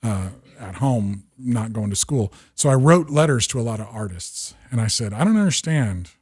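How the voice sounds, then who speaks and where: A man in his fifties, a podcast guest, telling lively stories and acting out quoted dialogue with quick restarts. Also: mid-range voice, slightly rough, dry recording, studio quality. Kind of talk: storytelling in conversation.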